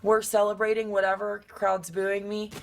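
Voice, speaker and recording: A young woman wrestler telling stories in a casual interview, acting out quotes with sudden high bursts. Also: little pitch movement, moderate pace.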